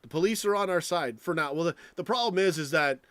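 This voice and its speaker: Young American man, livestream rant, profane and rambling, slightly high voice, dry close sound. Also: quick pace, a bit bright, no room sound. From United States. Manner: rambling, profane, with frequent restarts. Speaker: live stream host. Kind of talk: casual late-night livestream rant. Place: home, indoors.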